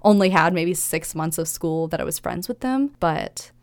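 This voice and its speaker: A woman's voice: on the low side, lively intonation, no room sound. A young woman being interviewed about her life, talking candidly and reflectively, often acting out what was said. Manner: candid, reflective, with quick laughs and acted-out quotes. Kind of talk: personal life-story interview.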